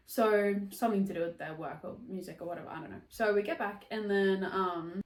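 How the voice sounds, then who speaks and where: A woman's voice: mid-range voice, fairly quick, distant mic. A young adult woman telling a story in casual podcast chat, chatty and swearing freely. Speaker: podcast host. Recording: roomy echo.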